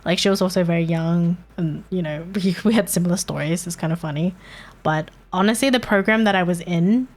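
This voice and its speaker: A woman's voice: fairly low pitch, fairly quick. A woman streamer telling a personal story in casual chat, candid and swearing freely, with chuckles between points. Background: faint background music.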